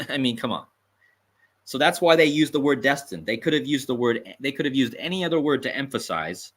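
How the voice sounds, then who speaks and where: A man's voice: medium pitch, animated, a little fast, fairly bright tone. A man hosting a livestream, talking emphatically and repeating his points with amused asides. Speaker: host. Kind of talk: livestream commentary.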